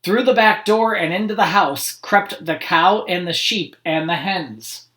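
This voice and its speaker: A man's voice: high voice, unhurried, pushed and bright. A man, a school principal, reading picture books aloud to students online, with friendly, chatty asides. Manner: friendly, chatty asides between read passages.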